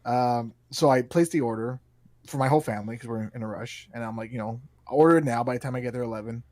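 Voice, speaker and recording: A man's voice: medium pitch, quick pace, dry recording. A man in his thirties, a podcast co-host, telling a story with lots of laughs and acting out the other people in it. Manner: animated storyteller, acts out exchanges, laughs often. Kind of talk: casual chat.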